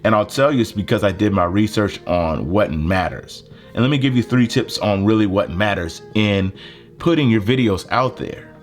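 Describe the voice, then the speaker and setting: A man's voice: lowish voice, moderate pace, soft background music. A young man casually explaining a phone video-editing setup and a plug-in mic, with lots of fillers. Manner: relaxed, conversational, lots of fillers. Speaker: tech video creator. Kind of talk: casual gear tutorial. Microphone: handheld phone mic.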